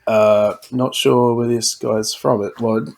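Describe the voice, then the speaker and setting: A man hosting a casual podcast chat, relaxed, reading the show plugs at the end. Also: medium pitch, slow pace, creaky. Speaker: podcast host.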